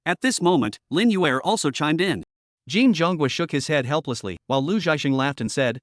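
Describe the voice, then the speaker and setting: A man reading a scripted story recap in an even, steady way. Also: fairly high pitch, moderate pace, no room sound, clean studio sound. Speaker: narrator.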